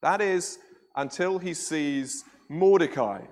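Animated high-voiced preacher. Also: male voice, slow, noisy background. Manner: animated storytelling with tag questions. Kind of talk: sermon. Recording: echoey church hall with long reverb.

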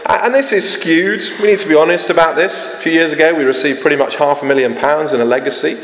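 A man's voice: fairly high pitch, quick pace, fairly bright tone, reverberant, long reverb tail, a little hiss or hum, low-quality recording. A man preaching a sermon as a vicar, earnest and conversational, with frequent fillers and restarts. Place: church.

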